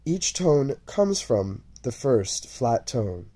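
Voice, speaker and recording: A man teaching a language lesson, speaking slowly and deliberately and repeating syllables over and over for the listener to copy. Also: mid-range voice, very animated, dark tone, slightly rough. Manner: drawn-out, repeated syllable drills. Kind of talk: slow, deliberate lesson narration.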